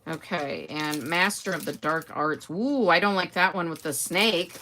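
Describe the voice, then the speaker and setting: An older woman with a somewhat low voice, chatting casually through a live stream. She greets viewers by name and answers their comments in a friendly, rambling way. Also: unhurried, few pauses, bright, forceful tone. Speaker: host.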